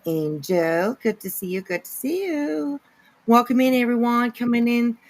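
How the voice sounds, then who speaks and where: A woman's voice: fairly high pitch, expressive, unhurried, poor audio. A woman hosting a casual livestream, greeting chatters by name with giggly asides. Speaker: livestream host. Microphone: no camera, voice only.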